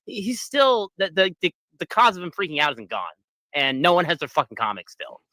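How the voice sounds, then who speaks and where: A man with a bright, forceful tone and a lively, swooping delivery. He trips over fillers as he makes his point. The recording is dry and close. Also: high-pitched, brisk, no echo. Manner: animated, hesitant with fillers. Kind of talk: casual livestream commentary.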